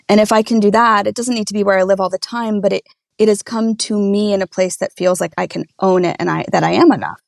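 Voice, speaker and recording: A woman's voice: mid-range voice, fairly even intonation, quick pace, vocal fry, no echo, studio quality. A woman narrator co-hosting a podcast, thinking aloud in a thoughtful, reflective way.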